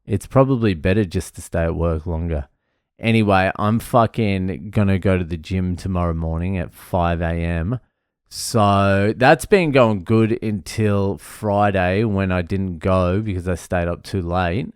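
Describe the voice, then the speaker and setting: A man's voice: low-pitched, unhurried, smooth, no echo, studio quality. An Australian man, a comedian hosting his own podcast, telling stories in a loose, swearing, casual way. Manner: loose, swearing, laughing storyteller. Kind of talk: casual storytelling monologue.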